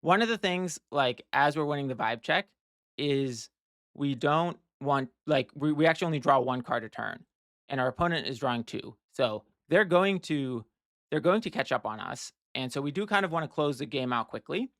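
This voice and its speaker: A man's voice: fairly high pitch, animated, normal speed, a bit bright, no room sound, studio quality. Casual man explaining card game strategy. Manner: thinks aloud, frequent restarts and "like" fillers; explanatory, plans moves step by step. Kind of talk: casual gameplay walkthrough.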